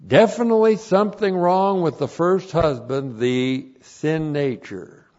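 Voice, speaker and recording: A male pastor teaching a passage word by word, spelling out Greek terms and bursting into loud emphatic phrases. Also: on the high side, unhurried, dull audio. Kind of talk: expository Bible teaching.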